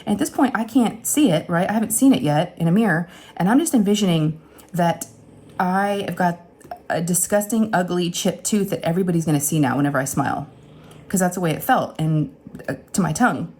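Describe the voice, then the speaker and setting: A middle-aged woman telling a casual, chatty story straight to her viewers, animated and often acting out what people said. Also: on the low side, a little fast. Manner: chatty, animated retelling with acted-out quotes and laughs. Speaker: crafting channel host.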